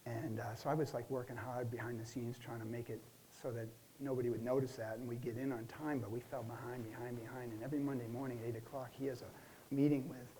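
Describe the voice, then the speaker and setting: A stressed client stumbles through his story, full of restarts and trailing fillers, as a man plays him in a counseling role-play. His voice is warm and dark, and a faint hiss sits under it. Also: medium pitch, level tone, natural voice, rough recording. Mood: rattled. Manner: halting, many restarts and fillers. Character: stressed middle-aged man recounting a relapse.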